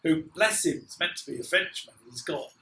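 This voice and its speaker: A man co-hosting a casual film review chat, rambling with lots of restarts and quick laughs. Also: on the high side, lively intonation, creaky, a bit bright, reverberant, a little hiss or hum. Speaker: podcast co-host.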